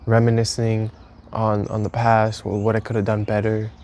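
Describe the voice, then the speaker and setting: A man's voice: lowish voice, completely flat delivery, normal speed, a little mellow. A young man from the United States telling a breakup story to camera in casual chat, candid and rambling, swearing freely and mocking himself.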